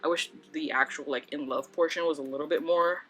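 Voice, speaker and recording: A woman's voice: deep voice, fairly even intonation, fairly quick, a bit bright, a little hiss or hum. A young woman chatting casually about books at home, rambling with lots of "like"s. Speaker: book vlogger. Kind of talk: casual chat.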